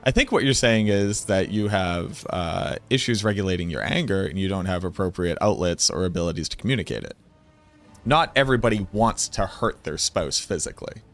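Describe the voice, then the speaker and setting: A man's voice: sits low, expressive, brisk, soft background music. A man in his thirties with a Boston accent, chatting casually and rambling on a game stream. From North Shore of Boston, USA.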